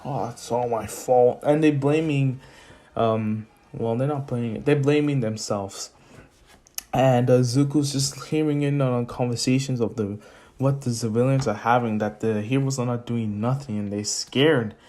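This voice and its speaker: A man's voice: mid-range voice, fairly even intonation, normal speed. Rambling man telling a fan story. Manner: rambling, self-correcting. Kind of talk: casual improvised fan story. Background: soft lofi music.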